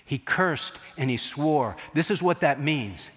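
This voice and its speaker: A man's voice: a little high, animated, measured pace, a bit bright, in a large hall. A man preaching a sermon as a pastor, telling the story dramatically and acting out the quotes.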